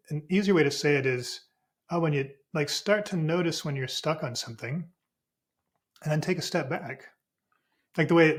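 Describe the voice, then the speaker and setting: A man, a spiritual teacher and podcast guest, explaining ideas in a relaxed, unhurried way with frequent restarts. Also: on the high side.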